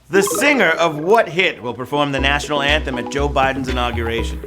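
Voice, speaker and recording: A man hosting a live trivia game show, goofy and teasing, squealing high and singing bits with faint music behind. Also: brisk. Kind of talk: live-streamed trivia hosting, playful banter. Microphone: phone.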